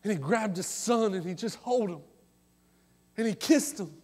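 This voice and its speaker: A preacher with a very high voice, pleading and passionate, dropping to hushed tones and then rising to calls. His sermon rings with a long reverb through a church sanctuary. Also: lively intonation, moderate pace. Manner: impassioned, swings between loud calls and hushed asides.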